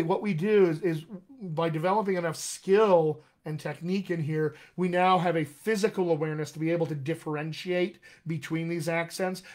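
An American man, a dialect coach, chatting casually and rambling to viewers on a live stream, calling them by name. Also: a little high. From United States.

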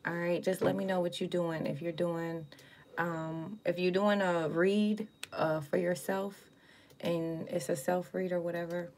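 A woman's voice: fairly low pitch, little pitch movement, measured pace, a little mellow, a little hiss or hum. A woman giving a casual livestream tarot reading, chatting with viewers in slang and swearing now and then. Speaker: live tarot card reader.

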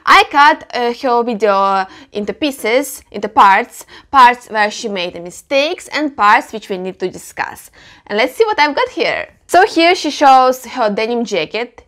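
A woman's voice: fairly high pitch, a bit bright. A young woman hosting her own channel, explaining painting techniques in a reaction video in an earnest, instructive way. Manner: explanatory, earnest, with occasional laughs. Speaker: clothing customizer and channel host.

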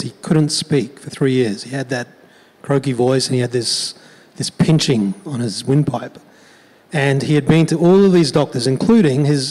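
A male pastor telling a story in his sermon, conversational and animated. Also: a little high, big-room sound, poor audio.

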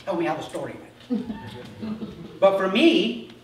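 A man's voice: high-pitched, sing-song, measured pace, a little hiss or hum. A male pastor preaching a conversational sermon, acting out little dialogues as he goes. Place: church sanctuary. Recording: echoey church hall, mic far off.

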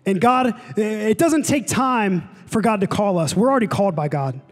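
A young man preaching a sermon to a college ministry, casual and excitable with lots of fillers. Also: sits high, normal speed. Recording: long hall reverb, faint music.

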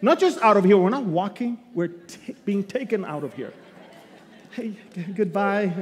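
A man teaching the Bible as a sermon, emphatic, with sudden loud bursts and humorous asides. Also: high-pitched, animated, normal speed, a faint crowd. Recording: long hall reverb.

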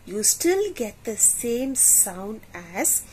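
A woman teaching a phonics lesson for children, slowly saying each sound and asking the listener to repeat. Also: a little high, very animated, a little mellow, a little hiss or hum.

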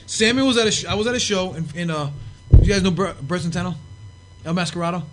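A middle-aged man tells rowdy stories at a quick clip. His voice sits high for a man, and he swears freely as he acts out what others said. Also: background noise. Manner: profane, animated storyteller acting out quotes. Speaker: podcast guest. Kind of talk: casual storytelling.

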